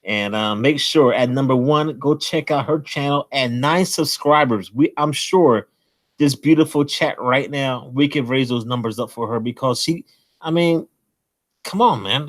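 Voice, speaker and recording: A man hosting a comic collecting channel, enthusiastically and nervously rambling through shout-outs to small creators. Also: medium pitch, lively intonation. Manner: admits to nerves, pauses to breathe. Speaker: host. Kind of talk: casual channel shout-out monologue.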